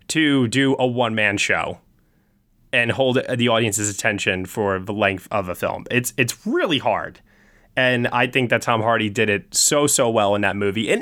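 A man's voice: mid-range voice, fairly bright tone. A young man hosting a podcast, chatting casually and enthusiastically about films and laughing often. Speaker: podcast host. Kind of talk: casual chat.

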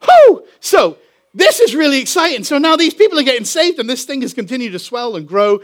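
A man with an English accent, a pastor telling a story in a sermon, animated and drawing out key phrases slowly for emphasis. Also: very high voice. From England.

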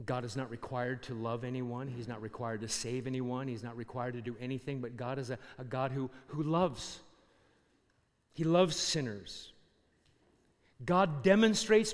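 A middle-aged man preaching a sermon, emphatic and fond of rhetorical questions. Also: mid-range voice. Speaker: pastor. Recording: long hall reverb.

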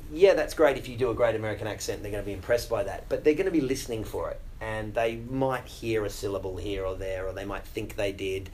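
A middle-aged Australian actor talking casually in an interview, chatty and self-deprecating, with many fillers and restarts. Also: male voice, fairly low pitch, a little hiss or hum, rough recording.

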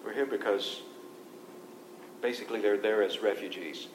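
A man's voice: fairly even intonation, moderate pace. A man teaching a Bible study to a group, reading scripture aloud and explaining it in a conversational way. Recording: echoey room with faint low rumble.

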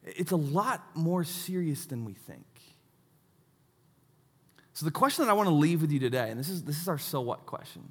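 Animated male pastor preaching. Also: fairly high pitch, moderate pace, pauses often, husky, long reverb tail. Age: 30s. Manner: animated storytelling with self-mocking asides. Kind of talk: sermon.

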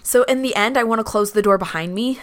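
A hoarse woman playing a tabletop game, chatty and planning her character's moves aloud. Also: fairly high pitch, fast talker. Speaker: player.

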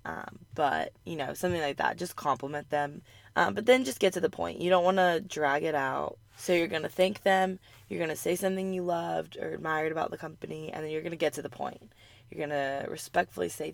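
Raspy young woman with a sore throat. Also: deep voice, expressive, fairly quick, no echo. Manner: upbeat, chatty, frequent "like" and "um" fillers. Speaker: weekly vlog host. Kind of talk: casual advice talk.

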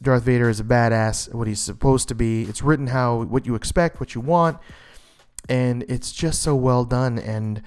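A man's voice: medium pitch, normal speed, clean tone. A man giving a casual, enthusiastic comic book review, rambling with many fillers and restarts.

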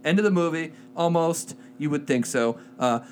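Animated man retelling a movie plot. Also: a little high, soft background music. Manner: animated storyteller, acts out quotes in quick put-on voices, laughs often. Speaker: podcast co-host.

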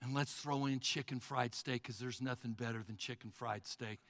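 A man preaching a sermon, telling a story in a folksy, animated way and calling his listeners folks. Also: medium pitch, moderate pace.

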